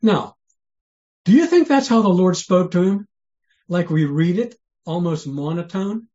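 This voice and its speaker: On a dull, lo-fi recording, a man preaches with a high-pitched, animated voice that has a dark tone, taking his time. His sermon is earnest and conversational, packed with rhetorical questions and sentences he keeps starting over.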